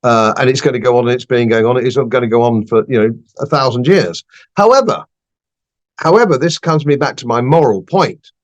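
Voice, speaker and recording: A man's voice: mid-range voice, a little fast, highs cut off. An older man, a podcast guest giving blunt, emphatic political opinions and repeating phrases for stress.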